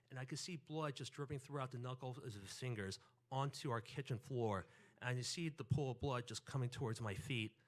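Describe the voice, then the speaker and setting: A man, telling a personal story on stage and acting out family voices. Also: medium pitch. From New York. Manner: animated, acts out quotes and family voices.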